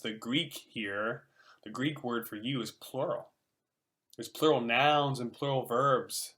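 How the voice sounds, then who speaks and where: A man's voice: medium pitch, a bit bright. A male pastor giving a conversational sermon, explaining a Bible passage with casual asides.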